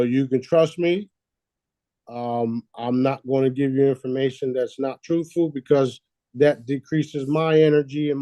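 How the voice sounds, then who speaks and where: A man's voice: mid-range voice, mellow, no room sound. A man hosting a casual talk, boastful and preachy, swearing freely and laughing at his own lines. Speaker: host.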